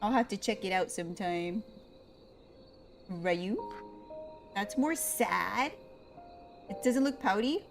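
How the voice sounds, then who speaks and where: A woman's voice: medium pitch, takes it slowly, gravelly, long pauses, music in the background. A young woman, playfully chatting with her viewers by name while streaming a cozy game. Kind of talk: casual live-stream chat with chat.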